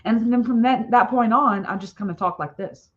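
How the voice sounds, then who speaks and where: A woman's voice: fairly high pitch, moderate pace, lo-fi sound. A woman author hosting a casual live stream, chatting in a rambling way with frequent "okay?" tags and little laughs.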